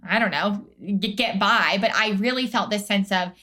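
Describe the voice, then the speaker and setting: A young woman from Atlanta chats as a podcast guest at an easy middle pitch. She talks in a bright, upbeat way, packed with fillers and asides. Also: normal speed. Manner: chatty, upbeat, frequent fillers and laughs. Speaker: guest, career strategist. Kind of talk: casual interview chat.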